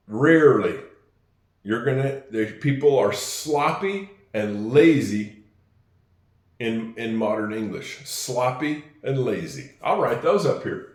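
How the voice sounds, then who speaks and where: A man teaching spoken English in a patient way, repeating phrases slowly so learners can follow. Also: medium pitch, reverberant.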